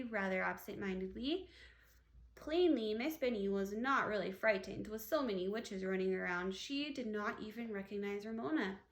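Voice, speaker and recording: A woman teacher reads a children's chapter book aloud with lively, expressive storytelling. Her voice sits fairly high, and the echoey room adds a noticeable echo.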